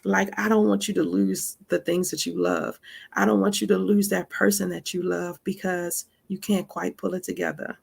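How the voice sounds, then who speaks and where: A woman's voice: lowish voice, fairly even intonation, moderate pace, gravelly, breathy edge. A woman giving a casual spiritual teaching talk, speaking straight to her listeners with frequent asides and emphatic remarks. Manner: conversational, addresses listeners directly with frequent asides; emphatic, laughs between points.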